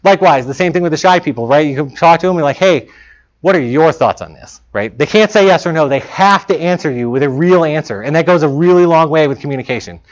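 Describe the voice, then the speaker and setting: A man's voice: a little high, fast talker. A man giving an informal talk to students as a game developer, casual and chatty, often acting out his own past remarks. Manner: casual, chatty, quotes himself in lively asides. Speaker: guest speaker, game developer. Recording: dull lo-fi talk recording.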